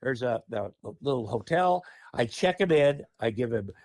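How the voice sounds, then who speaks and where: A man telling a story on a podcast in a casual, animated, profane way. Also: medium pitch, moderate pace, no room sound. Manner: animated, profane, laughing often. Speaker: podcast guest.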